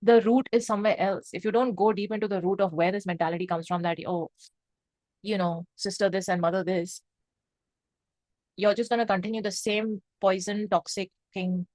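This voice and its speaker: A woman's voice: medium pitch, steady tone, moderate pace, darkish tone, dry recording. A woman from India, reviewing a film to camera in a passionate, emotional, rambling way. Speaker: movie reviewer. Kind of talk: unscripted review chat to camera.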